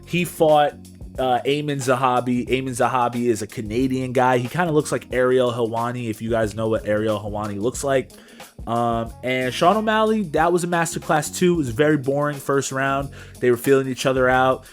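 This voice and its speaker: A man's voice: mid-range voice, moderate pace, soft background music. A young man co-hosting a podcast, recapping fights in casual, slangy chat and adding his own punch sound effects. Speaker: podcast co-host.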